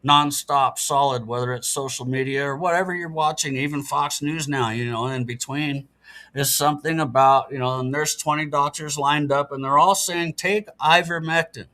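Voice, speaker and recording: Casual interview talk from a middle-aged podcast guest who explains things in an earnest, matter-of-fact manner. His mid-range voice sounds pushed and bright, with fairly even intonation and a moderate pace.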